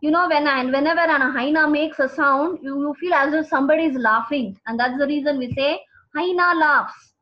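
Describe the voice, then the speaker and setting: A woman teaches students, slowly repeating each key word. Her voice sits high, and the recording sounds muffled and lo-fi. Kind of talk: classroom vocabulary lesson. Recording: dull lo-fi recording.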